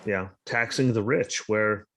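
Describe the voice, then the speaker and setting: A man's voice: fairly low pitch, slow, a bit bright. A sleep-deprived man hosting a podcast over a video call, talking in a blunt, sarcastic, profane and rambling way. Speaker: podcast host. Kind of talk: casual political chat.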